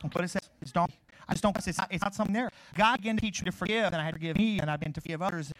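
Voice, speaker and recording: A middle-aged male pastor preaching a sermon, jumping from loud scripture reading to quiet asides and acting out both sides of conversations. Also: high voice, racing, no echo, low-quality recording.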